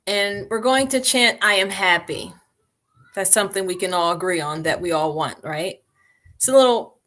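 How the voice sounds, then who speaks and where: A woman hosting a livestream, guiding listeners through meditation with calm, unhurried instructions and easy laughter. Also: medium pitch. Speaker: meditation host.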